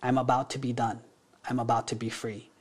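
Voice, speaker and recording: Guy doing a scared teen prince talking to himself, quiet, hesitant. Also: medium pitch, flat delivery, fairly quick, breathy edge, close to an everyday voice. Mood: inward. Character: frightened sixteen-year-old prince thinking to himself.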